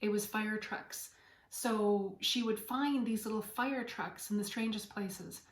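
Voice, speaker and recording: A woman's voice: mid-range voice, steady tone, slow. Earnest woman medium in an echoey room. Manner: earnest, heartfelt, gently encouraging. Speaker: podcast host and spiritual medium. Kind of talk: inspirational spiritual talk.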